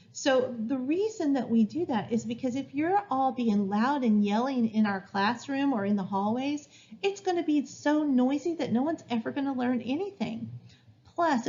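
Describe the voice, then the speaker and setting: A woman teacher explaining classroom rules to young children in a slow, clear, sing-song way. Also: on the high side, darkish tone. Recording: dull lo-fi recording.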